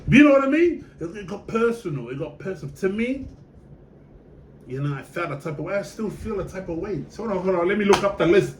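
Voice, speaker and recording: A man's voice: high-pitched, brisk, darkish tone, recorded from a distance, slight background noise. A Tongan man, talking as a fan in a passionate, profane and emphatic way, often asking the viewer questions. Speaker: sports fan vlogger. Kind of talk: casual fan monologue. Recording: roomy echo, voice set back from the mic.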